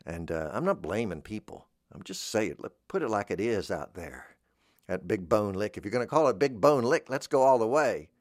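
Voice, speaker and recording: A man's voice: medium pitch, no echo, clean studio sound. A man doing a rambling comic monologue, drifting between topics and dropping in silly voices for the people he quotes. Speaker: comedian.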